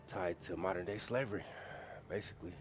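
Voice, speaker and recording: A man's voice: deep voice, brisk, slight background noise. A man talking casually on his own channel, rambling with restarts and self-corrections as he goes. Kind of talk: casual solo commentary.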